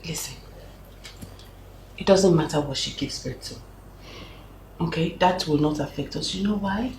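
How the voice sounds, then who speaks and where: Gravelly, calm Nigerian mother. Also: low-pitched, measured pace, slight background noise. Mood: reassuring. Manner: calm, reassuring. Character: steady protective mother reassuring her daughter. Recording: roomy with faint ambience.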